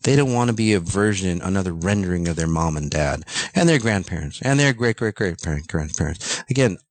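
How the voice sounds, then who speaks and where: Deep-voiced man ranting bluntly. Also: animated, brisk, no echo. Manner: ranting, blunt, swears, many fillers. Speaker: self-help speaker. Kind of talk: unscripted motivational monologue.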